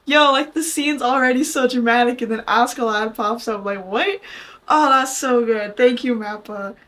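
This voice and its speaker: A high-pitched young woman gushes through a casual reaction commentary, full of slang and excited asides. She talks straight into a desk microphone as a regular host. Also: moderate pace. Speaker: anime reaction YouTuber.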